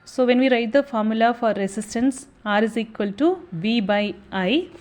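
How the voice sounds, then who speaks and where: A woman's voice: a little high, moderate pace, darkish tone. A young woman teaching an exam revision lesson, explaining step by step and checking in with a frequent "okay".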